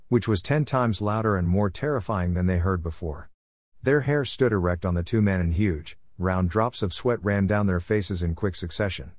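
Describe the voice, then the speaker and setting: A man reading a ghost story aloud in a measured, solemn narration style. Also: fairly low pitch, a little mellow, dry recording. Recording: dry close recording.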